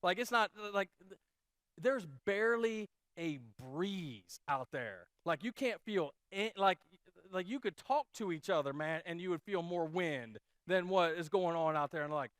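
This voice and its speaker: Chatty, animated male pastor telling a story. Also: high voice, normal speed, no room sound, studio quality. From Iowa, USA. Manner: animated, chatty storytelling with many fillers and restarts. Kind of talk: sermon storytelling. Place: church.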